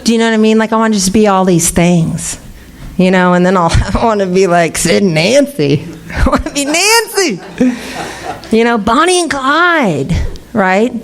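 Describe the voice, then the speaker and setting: A woman's voice: mid-range voice, expressive, moderate pace. A middle-aged woman speaking at a recovery meeting, candid and laughing often as she tells her story. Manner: candid, laughing, swearing freely. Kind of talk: personal recovery talk. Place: meeting room.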